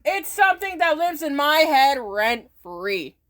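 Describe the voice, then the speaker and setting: A woman hosting a reaction video, talking in an animated way with a lot of laughing and exclaiming. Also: high-pitched, unhurried. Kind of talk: excited reaction commentary.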